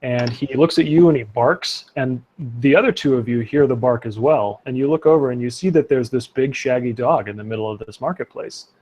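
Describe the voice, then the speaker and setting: A man's voice: mid-range voice, brisk, hardly any pauses, a little mellow. A man narrating a tabletop role-playing game as game master, loose and chatty, with fillers and laughs.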